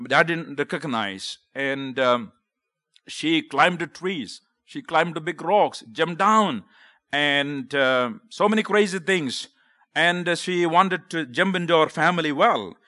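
Earnest South Indian man preaching brightly. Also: on the high side. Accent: South Indian, Kerala. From South India (Kerala). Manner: earnest, emphatic, with frequent pauses and fillers. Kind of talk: sermon with personal testimony.

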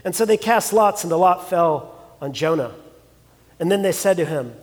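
A man preaching a sermon, telling a scripture story with expressive emphasis. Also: high voice, normal speed, big-room sound. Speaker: pastor.

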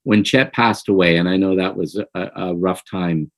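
Deep-voiced male host, dry close sound. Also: normal speed, dry recording. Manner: prompting, recalls the guest's stories back to him. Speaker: podcast host. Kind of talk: interviewing a guest.

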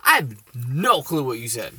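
A young man co-hosting a podcast, swearing a lot and arguing excitedly in casual chat. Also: mid-range voice, normal speed, a crowd in the background. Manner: profane, excitable, argues loudly. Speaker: podcast co-host.

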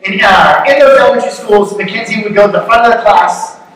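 A man's voice: sits high, a little fast, fairly bright tone. Man preaching in an echoey hall. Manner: conversational, joking, rhetorical questions. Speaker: pastor. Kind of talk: sermon. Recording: echoey hall, distant mic, faint noise.

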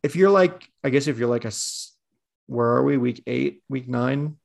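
A man's voice: mid-range voice, moderate pace, gravelly. A man with a Long Island accent in a casual sports chat, laid-back and wry.

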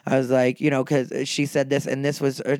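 Profane man ranting, crisp voice. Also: medium pitch, flat delivery, fairly quick, darkish tone, dry recording, studio quality. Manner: profane, combative, heated. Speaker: stand-up comedian. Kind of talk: casual monologue rant.

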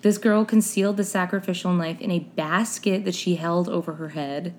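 Reading her history notes at a moderate pace, this young podcast host keeps things chatty, her fairly low voice adding wry comments as she goes. Unfamiliar names trip her up now and then. Slight background noise sits under the recording.

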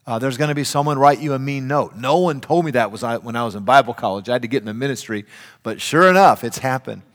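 An older man preaching a sermon, emphatic, swinging between loud and hushed. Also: mid-range voice, fast. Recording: reverberant hall.

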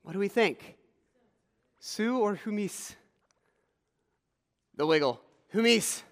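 A man's voice: sits high, animated, slow pace, in a large hall. A man from rural Pennsylvania preaching a conversational sermon in a church, quizzing the congregation. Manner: conversational, engages congregation with questions. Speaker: pastor. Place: church sanctuary.

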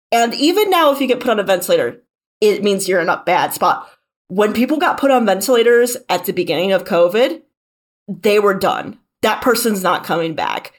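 A woman co-hosting a casual book-club podcast, ranting heatedly with lots of swearing. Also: medium pitch. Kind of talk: casual chat.

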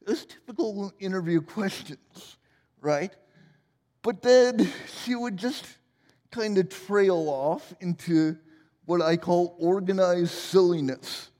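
With a long reverb tail behind him, a man in his 40s preaches slowly as a pastor in a high voice with a darkish tone. His humor is playful and self-deprecating.

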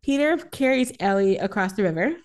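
A woman's voice: medium pitch, brisk. A woman in casual chat retelling an old film scene by scene, often laughing and acting out the characters' lines. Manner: animated, laughs often, acts out lines with voices. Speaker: podcast co-host.

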